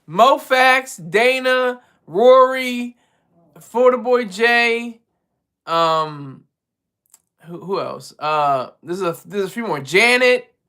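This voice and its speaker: A man with a high, bright voice talks casually on a home livestream. He rambles and restarts his sentences often. He keeps putting himself down. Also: expressive, takes it slowly, smooth. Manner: rambling, self-deprecating, many restarts. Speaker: livestream co-host and regular caller.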